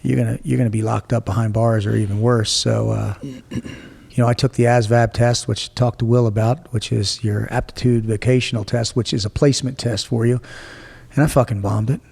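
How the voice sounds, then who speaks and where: A man in his forties, a guest in a casual interview, tells a story from his own life, blunt and full of swearing, an animated storyteller. His mid-range voice runs a little fast and sounds creaky and slightly rough, echoing in a large hall.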